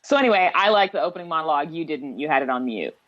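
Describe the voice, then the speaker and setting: A woman's voice: sits low, animated, rapid-fire, fairly bright tone, dull audio. A woman co-hosting a casual podcast chat, steering the conversation in a matter-of-fact way. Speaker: podcast co-host.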